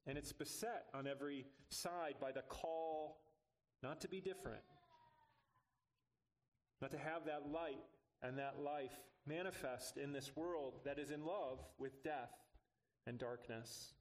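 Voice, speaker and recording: Earnest male preacher, slightly high voice. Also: a little slow. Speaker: pastor. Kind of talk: sermon.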